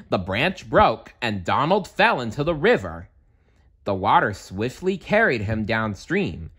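A man reading a children's bedtime story aloud in a calm, measured way. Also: on the low side, husky. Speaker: storybook reader.

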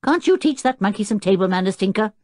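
A woman voicing a loud, absent-minded scientist father with a bluff, hearty, booming manner in a storybook reading. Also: animated, quick pace, dry recording, studio quality, lightly acted.

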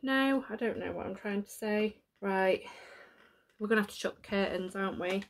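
A woman's voice: mid-range voice, moderate pace. A woman chatting through a home unboxing vlog, emotional and tearful, laughing at herself. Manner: chatty, self-deprecating, emotional. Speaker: YouTuber. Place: home room.

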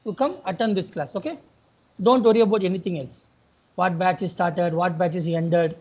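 A man's voice: high-pitched, normal speed, husky, highs cut off. A man with an Indian English accent teaching a class as a trainer, scolding and exasperated, repeating his questions again and again. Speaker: technical trainer. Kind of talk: classroom lecture.

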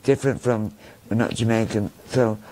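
A man's voice: lowish voice, steady tone, moderate pace, mellow, poor audio. A middle-aged man from Norway with a Manchester accent, telling rambling stories in a casual interview and often repeating himself. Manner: chatty, rambling, repeats himself, laughs at his own stories. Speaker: guest.

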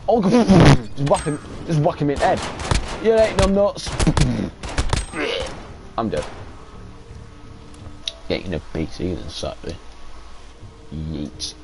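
Young guy yelling and swearing at a shooter game, voice jumping all over, slow drawl, faint hiss behind. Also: a little high. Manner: excitable, swears a lot, shouts at the game. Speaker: gaming streamer. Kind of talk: live gameplay commentary.

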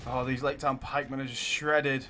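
A man hosting a let's play, giving live commentary and cheering his units on excitedly. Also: medium pitch, normal speed, slight background noise.

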